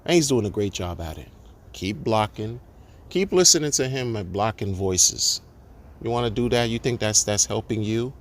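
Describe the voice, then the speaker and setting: A man's voice: on the low side, lively intonation, moderate pace. A man ranting indignantly to camera, repeating himself and restarting words as he builds his case. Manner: indignant, repetitive, stammering restarts. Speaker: crypto commentator. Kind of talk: ranting monologue.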